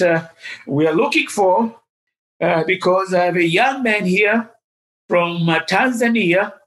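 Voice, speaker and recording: A man voicing a confident, charming woman on the phone, polite and halting with little fillers. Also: high-pitched, a bit bright, voice pushed up.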